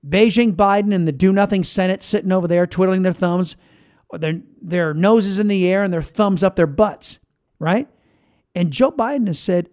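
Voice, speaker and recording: An American man hosts a political podcast, offering opinionated talk in a combative, sarcastic, emphatic manner. His voice is high and animated with a darkish tone, and he speaks at a normal speed.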